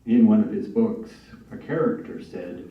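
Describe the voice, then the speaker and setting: A man's voice: lowish voice, moderate pace. A man hosting a literary reading night, chatting casually with many fillers and restarts, recorded from a distance in a large room. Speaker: event host. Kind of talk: casual introductions at a reading event. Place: library reading event. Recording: echoey hall, distant lo-fi mic.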